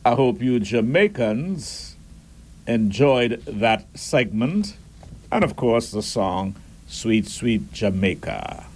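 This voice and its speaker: A man delivers radio commentary at an unhurried, deliberate pace. His voice sits at an ordinary middle pitch. He reads out listener messages and weighs in with firm, opinionated views. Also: lively intonation. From Caribbean. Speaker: radio talk show host.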